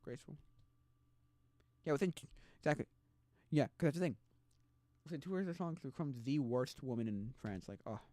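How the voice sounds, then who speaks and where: A man streaming a casual chat, rambling and halting with restarts, often mocking the people he talks about in put-on voices. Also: medium pitch, warm tone.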